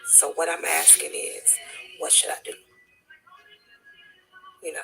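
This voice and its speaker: A woman speaking as a distraught grieving mother, halting and repeating herself, dropping to near-whispers and then rising again. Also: sharp tone, soft background music, low-quality recording. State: distraught, on the edge of tears. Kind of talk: emotional personal testimony.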